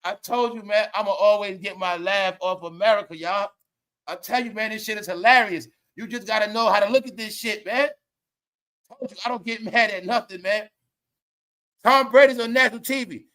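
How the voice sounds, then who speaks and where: Man, high voice, bright tone, casual commentary, slangy, laughs a lot. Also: normal speed. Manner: laughs often, slangy, profane, animated storytelling. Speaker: commentary livestream host.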